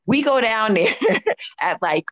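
A woman in her fifties, a podcast guest telling a long story in casual chat, animated and laughing often as she acts out what she said. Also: fairly high pitch, takes it slowly, no room sound, highs cut off.

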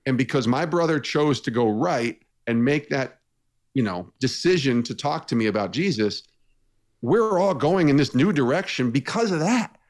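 A man appearing as a radio interview guest, telling a personal story in a lively way, with his voice lifting when he is moved. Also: mid-range voice, moderate pace.

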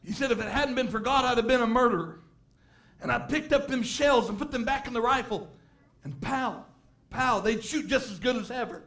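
A man preaching a sermon, telling a story and rising to shouts of emphasis. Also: very high-pitched, moderate pace. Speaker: pastor.

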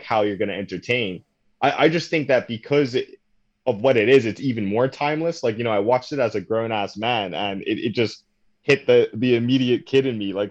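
A man's voice: mid-range voice, highs cut off. A man in casual podcast chat, explaining things thoughtfully as a co-host.

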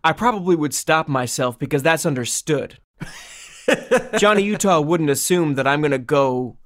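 A man's voice: a little high, animated, unhurried, fairly bright tone. Wry man riffing in casual chat.

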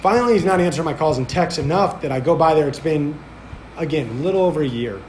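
A man hosting a podcast, telling a story in a casual, rambling way full of fillers and swearing, getting animated when he recounts what people said. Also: on the high side, quick pace, a little hiss or hum. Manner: rambling, filler-heavy, profane. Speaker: podcast host.

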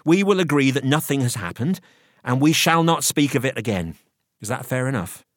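A man voicing a frantic, domineering woman who shrieks and scolds in a strained, high voice during an audiobook reading. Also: lively intonation, normal speed, no room sound, studio quality, lightly acted. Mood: stern. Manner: shrill and shouting, then hushed.

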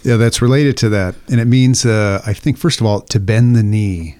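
A man's voice: lowish voice, fairly even intonation, moderate pace, a little mellow. A man co-hosting a casual podcast, explaining ideas patiently in a teacherly way and thinking aloud. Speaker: podcast co-host, liturgy teacher.

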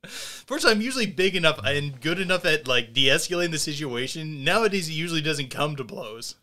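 A man co-hosting a podcast, telling stories in a laid-back, animated way. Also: on the high side, fairly quick. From Indiana, US. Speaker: podcast co-host. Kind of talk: casual chat, storytelling.

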